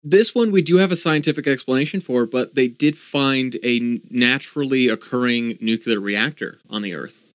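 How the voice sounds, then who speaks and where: A man in casual podcast chat who mulls ideas out loud and reads passages from articles. His voice sits at an ordinary pitch for a man, and the recording is dry and close, with no room sound. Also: moderate pace, hardly any pauses, dry recording. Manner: thinking aloud while reading articles, restarts and fillers. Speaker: podcast co-host.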